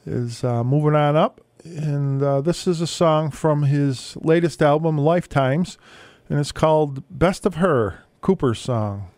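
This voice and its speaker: A man hosting a radio show, casually introducing songs with frequent hesitant pauses. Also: on the high side, darkish tone. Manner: hesitant, many filler pauses. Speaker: radio host.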